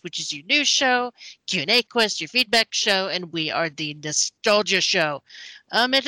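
A woman's voice: mid-range voice, pushed and bright, no room sound. A woman hosting a podcast, opening in a friendly, chatty way. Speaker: podcast host.

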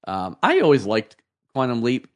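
A man's voice: medium pitch, huge pitch swings, normal speed. A man co-hosting a casual podcast, easygoing, laughing along, with hesitant fillers. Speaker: podcast co-host. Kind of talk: casual chat. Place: comic bookstore.

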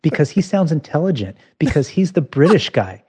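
A man's voice: fairly high pitch, big pitch swings, a little fast, a little mellow, breathy edge. A man appearing as a guest on a podcast in casual chat, rambling and restarting with many fillers.

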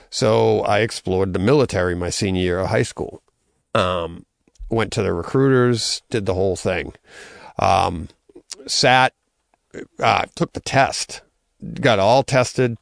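Gravelly-voiced man telling a story. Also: fairly low pitch, dry recording, clean studio sound. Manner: conversational, with many fillers and restarts. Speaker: interview guest. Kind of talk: casual storytelling.

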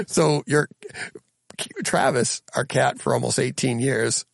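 A man's voice: medium pitch, slow, creaky, pauses often, dry recording. A man hosting a podcast in casual chat, reading and answering listener comments, rambling and chuckling often as he restarts sentences. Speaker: podcast host.

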